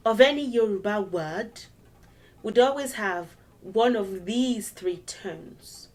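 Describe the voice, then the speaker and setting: A young adult woman giving a casual video language lesson, explaining patiently and repeating each step. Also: mid-range voice. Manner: explains patiently, repeats steps and sings a little memory song. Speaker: language teacher.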